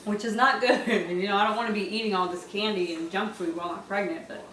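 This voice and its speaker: A woman's voice: medium pitch, fairly even intonation, fast, a bit bright. A woman in her thirties chatting casually in a rambling home vlog, laughing often and using lots of fillers. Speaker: vlogger. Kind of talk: casual pregnancy update vlog. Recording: echoey room with faint ambient noise.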